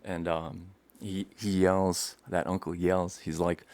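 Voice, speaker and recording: Young male vlogger, deep gravelly voice, dry close sound, animated rambling storyteller. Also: slow, hardly any pauses, no echo. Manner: rambling, animated, laughs often, acts out scenes. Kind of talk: casual storytelling to camera.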